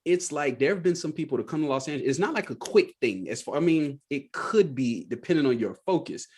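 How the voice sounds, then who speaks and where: A man's voice: fairly high pitch, animated, brisk, a little mellow, breathy edge. A man, an actor and coach guest on a podcast, telling his story and laughing often. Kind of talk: casual interview.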